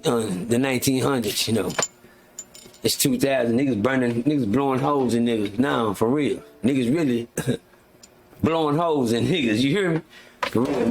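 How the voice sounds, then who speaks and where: A man hosting a live talk show, telling a jail story in casual, profane slang and acting out the people he quotes in a high, loud voice. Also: a little hiss or hum.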